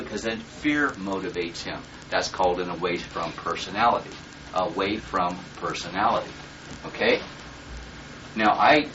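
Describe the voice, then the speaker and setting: A man giving a live seminar talk in a blunt, profane way, often checking in with his listeners. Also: on the low side. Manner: blunt and profane, checks in with "okay?" and "does that make sense?". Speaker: seminar instructor. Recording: distant, dull lo-fi room recording with faint noise.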